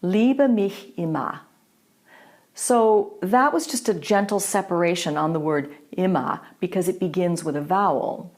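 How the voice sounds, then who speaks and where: A woman teaching a voice lesson, explaining clearly and patiently. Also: fairly low pitch, normal speed, few pauses, darkish tone. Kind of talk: instructional voice lesson.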